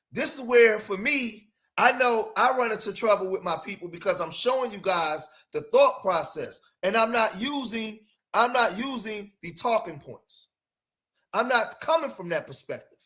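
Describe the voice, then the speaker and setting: A man's voice: very high voice, bright, forceful tone. A man hosting a reaction commentary show, talking emphatically and rhetorically and often checking in with his listeners. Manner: emphatic, rhetorical, keeps asking "right?". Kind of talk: reaction commentary on played clips.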